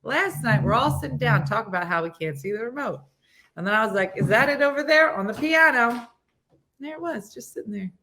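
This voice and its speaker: A woman's voice: fairly high pitch, brisk. A woman hosting a casual morning chat show, telling stories and acting out what people said. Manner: animated storytelling, acting out quoted people. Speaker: host.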